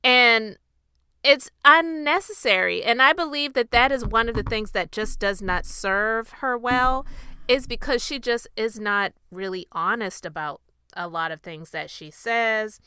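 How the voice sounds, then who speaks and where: Bright, crisp-voiced woman podcast host. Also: a little high, unhurried, dry recording. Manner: chatty, opinionated, addresses the audience directly. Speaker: host of a commentary channel and podcast. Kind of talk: casual commentary monologue.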